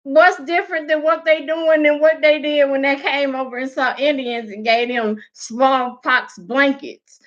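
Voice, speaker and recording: A woman's voice: sits high, fairly even intonation, measured pace, hardly any pauses, a bit bright. A woman vlogger giving casual, heated, profane commentary in a blunt manner, on muffled lo-fi audio.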